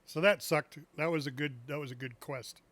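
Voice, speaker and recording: A man's voice: on the high side, fairly even intonation, moderate pace, fairly bright tone, no echo. A man streaming a driving game, chatting casually and cracking jokes at his own puns. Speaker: gaming streamer. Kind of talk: casual live gameplay chat.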